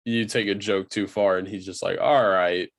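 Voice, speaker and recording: A man's voice: deep voice, steady tone, moderate pace. A man chatting casually on a podcast in laid-back, teasing banter.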